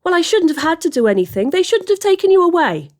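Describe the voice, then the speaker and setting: A woman voicing a spoiled, dangerous young girl who talks in a shrill, petulant way. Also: sing-song, quick pace. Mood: defiant.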